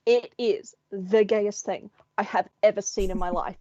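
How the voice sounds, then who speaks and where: A woman co-hosting a podcast, telling a story in an animated, sweary, laughing way. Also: mid-range voice, moderate pace, hardly any pauses, no echo. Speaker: podcast co-host. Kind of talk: casual chat. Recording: dull, dry sound.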